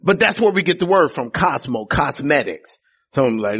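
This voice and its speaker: A man's voice: fairly high pitch, very animated, moderate pace, vocal fry, fairly bright tone, husky. A male pastor preaching a sermon, emphatic and repetitive, with teasing asides to the congregation. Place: church sanctuary.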